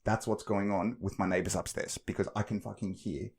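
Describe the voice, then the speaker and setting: Lower-voiced joking podcast man. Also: fairly even intonation, a little fast, darkish tone, husky. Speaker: podcast co-host. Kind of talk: casual podcast chat.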